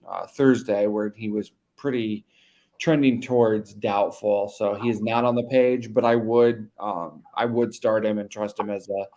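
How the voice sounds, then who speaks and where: This man has a low, gravelly voice with plenty of fry. He talks casually and hesitantly over a remote call, often restarting his sentences. He sounds like a podcast co-host giving his rankings. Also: a little mellow. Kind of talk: casual fantasy football chat. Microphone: remote call mic.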